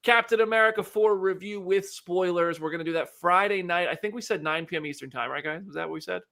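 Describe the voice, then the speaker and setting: A man hosting a live show, chatting casually and joking, rambling with quick restarts. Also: high voice, creaky, pushed and bright. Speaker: host.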